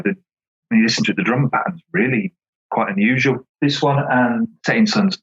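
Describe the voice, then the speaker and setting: Low-voiced man, dull lo-fi sound. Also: a bit bright. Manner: enthusiastic, rambling with many "you know" fillers. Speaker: author and podcast guest. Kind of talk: casual interview chat.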